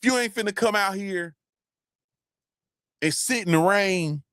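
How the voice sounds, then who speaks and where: A man's voice: high-pitched, a little slow, fairly bright tone, smooth, no room sound, studio quality. A man hosting a motivational live-stream talk, emphatic and blunt, repeating his points and cussing freely. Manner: emphatic, repetitive, blunt and profane. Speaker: host.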